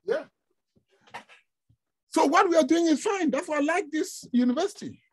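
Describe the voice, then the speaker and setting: A man from Africa giving an informal online lecture, animated and exclamatory, often breaking into laughter. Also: very high-pitched, moderate pace. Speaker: guest lecturer.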